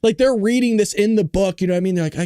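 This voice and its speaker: A man's voice: sits high, racing, warm tone, smooth, no echo, studio quality. A podcast host reading an article aloud and mocking it, breaking into laughter as he goes.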